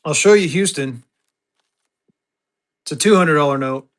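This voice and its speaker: A man runs a live online sale in easy, rambling chatter. His voice sits a touch higher than usual for a man. He talks his way through what he is doing and keeps calling out to viewers as y'all. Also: unhurried, a bit bright. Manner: chatty, thinks aloud, calls viewers y'all. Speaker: livestream auction seller.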